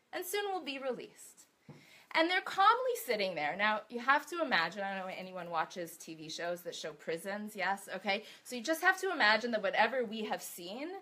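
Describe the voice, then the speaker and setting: A woman giving a talk, telling a story in an expressive, animated way. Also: fairly high pitch.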